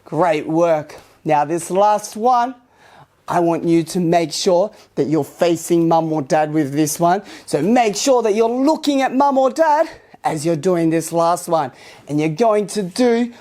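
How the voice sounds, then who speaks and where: Woman from Australia, kids karate instructor, lively pitch, slow unhurried delivery, encouraging, shouts between instructions. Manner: upbeat, encouraging, talking to young children. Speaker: martial arts instructor.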